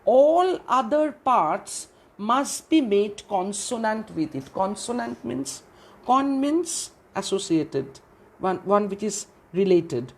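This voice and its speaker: A woman lectures on literature at an unhurried pace. Her voice has a slightly husky, breathy edge. She asks her own questions, answers them, and repeats key phrases. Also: medium pitch, big pitch swings. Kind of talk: classroom lecture.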